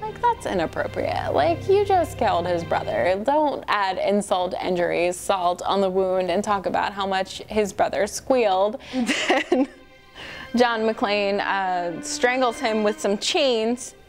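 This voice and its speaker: A woman's voice: medium pitch, lively intonation, measured pace, soft background music. Tipsy woman, rambling profane movie recap. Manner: profane, rambling, laughing asides. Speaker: host.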